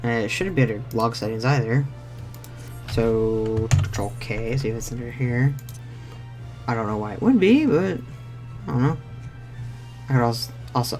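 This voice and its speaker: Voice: mid-range voice, expressive, normal speed, long pauses, a little mellow, soft background music. A streamer playing an online role-playing game, talking to themself in casual commentary, swearing freely and reading game text aloud. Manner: talks to self, mutters, swears freely. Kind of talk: casual let's-play commentary.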